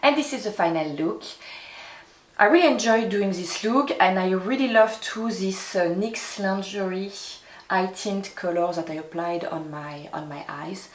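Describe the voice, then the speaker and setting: A woman with a French accent, a native French speaker, narrating a makeup tutorial in a soft, careful way, with small restarts and slips in English. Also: mid-range voice, measured pace. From France. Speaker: beauty vlogger.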